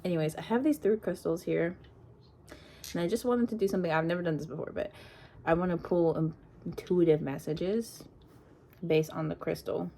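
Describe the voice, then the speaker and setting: A woman giving a casual intuitive reading to camera, talking softly and meandering in a put-on accent, with frequent ums. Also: lowish voice, moderate pace, vocal fry, long pauses, a little hiss or hum. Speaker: tarot reader. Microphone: phone propped on a crystal.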